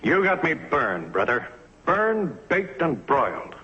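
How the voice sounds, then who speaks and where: A blunt, husky talent agent. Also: male voice, a little high, very animated, slow pace, bright, forceful tone, heavily acted. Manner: blunt, dry, clipped. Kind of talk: 1950s TV drama acting. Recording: dull lo-fi old TV soundtrack.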